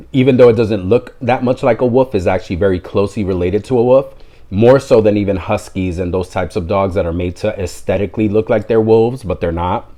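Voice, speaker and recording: A man's voice: on the low side, warm tone. Rambling casual male vlogger. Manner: rambling, self-interrupting, apologizes for tangents. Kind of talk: casual storytelling monologue.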